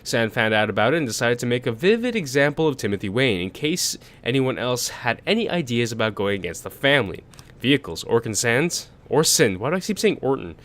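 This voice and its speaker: A young male gaming YouTuber does let's-play commentary into a desk condenser mic, reading case text aloud while stumbling and swearing. His voice is medium-pitched and a little bright, with big swings in pitch and a brisk pace.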